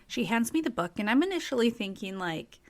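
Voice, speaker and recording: A woman hosting a true crime podcast, telling stories in a chatty, expressive way and leaning on casual fillers. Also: on the high side, fairly quick. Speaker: podcast host.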